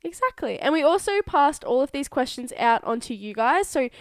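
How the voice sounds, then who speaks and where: A young adult woman co-hosting a podcast in casual chat, bubbly and teasing, quick to laugh. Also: sits high, very animated, no echo, studio quality. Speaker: podcast co-host.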